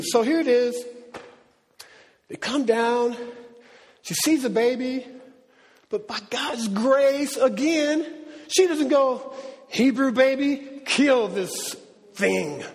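High-voiced animated preacher in a hall. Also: male voice. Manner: animated, conversational preaching with slang. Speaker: pastor. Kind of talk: sermon. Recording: long reverb of a large hall.

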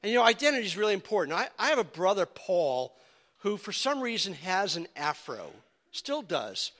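High bright-voiced preaching man. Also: moderate pace. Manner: animated, stammering repeats of words. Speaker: pastor. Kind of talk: sermon.

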